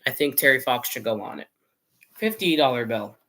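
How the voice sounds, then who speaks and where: A man talks straight into his camera mic in a loose, rambling vlog. He is opinionated and argues back at imagined viewers. His voice sits at an ordinary middle pitch. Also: lively intonation, normal speed, sharp tone. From Canada. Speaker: vlogger. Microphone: camera mic, showing items on camera.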